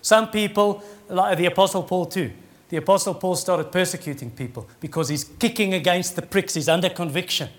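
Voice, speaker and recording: A man's voice: sits high, brisk. A middle-aged man preaching a sermon in an earnest, conversational way that rises in emphasis.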